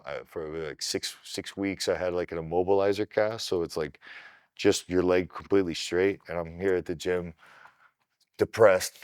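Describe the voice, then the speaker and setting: A middle-aged man from Ohio, a kickboxer guest on a podcast, telling his story in an animated, casual way and swearing freely. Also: sits low, no echo, studio quality.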